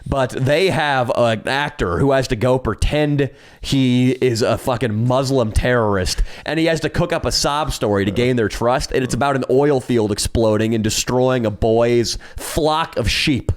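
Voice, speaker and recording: Brief: podcast co-host, man, medium pitch, dry teasing humor. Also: normal speed. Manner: wry, teasing. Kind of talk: casual chat.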